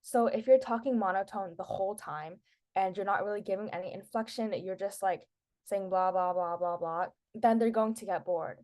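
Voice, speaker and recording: A woman's voice: mid-range voice, brisk, a little mellow. A teenage girl presenting public speaking tips to a class in a casual, chatty way, with lots of filler words. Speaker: student presenter.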